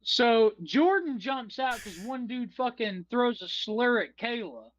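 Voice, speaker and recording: A man's voice: very high-pitched, lively intonation, slow pace, highs cut off, a crowd in the background. A man co-hosting a casual podcast, telling a drunken story in a rowdy, profane way and talking over the others. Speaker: podcast co-host.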